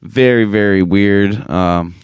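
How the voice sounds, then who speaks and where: A young man rants his way through a solo podcast, swearing constantly and stacking up fillers. His low voice comes across smooth and resonant. The phone mic gives it a dry, close sound with no room in it. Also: slow, no room sound. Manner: profane, rambling, lots of fillers; mocking high-pitched impressions of others. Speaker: podcast host. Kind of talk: casual solo podcast rant.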